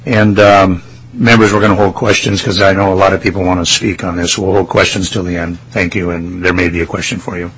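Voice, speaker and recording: A man chairing a legislative committee hearing, calling testifiers in a brisk, courteous way. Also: deep voice, level tone, fairly bright tone, slightly rough, rough recording.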